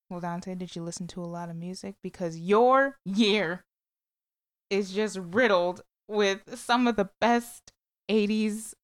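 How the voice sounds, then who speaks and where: A woman's voice: mid-range voice, slow pace, clean tone, dry recording, studio quality. A woman co-hosting a podcast in casual chat, blunt and chatty, breaking into sung song snippets. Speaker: podcast co-host.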